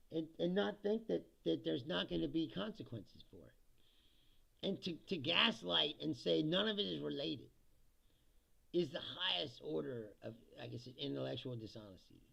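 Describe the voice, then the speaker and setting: Gravelly, animated man ranting on a stream. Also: on the high side, low-quality recording. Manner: profane, mocking, laughs often, mimics quotes. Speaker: livestream host. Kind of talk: political rant on a livestream.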